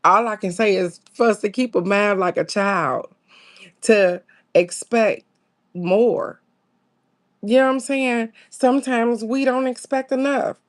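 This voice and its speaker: A woman, hosting a casual spiritual chat, reading affirmations and greeting viewers, laid-back and musing. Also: unhurried. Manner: chatty, greets viewers by name, reads affirmations aloud; laid-back, musing, with sudden high exclamations. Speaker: host of a daily card-reading stream.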